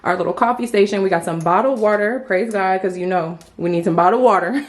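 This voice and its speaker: A young woman vlogging a hotel room tour in an excited, chatty way, full of playful slang, filmed on a handheld phone. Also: mid-range voice, fairly quick, hardly any pauses. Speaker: travel vlogger. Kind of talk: casual vlog room tour.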